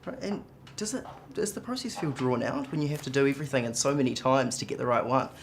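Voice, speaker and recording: Very deep-voiced woman interviewer. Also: fast, a little hiss or hum. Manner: brief, short questions opening with "right, and". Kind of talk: press interview questions.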